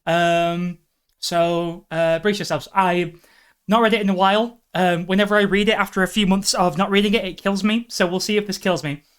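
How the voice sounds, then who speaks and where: A woman's voice: medium pitch, fairly even intonation, moderate pace, smooth. A woman streamer from Britain, rambling and poking fun at herself while chatting and reading aloud on a live stream. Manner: self-deprecating, rambling, laughs often.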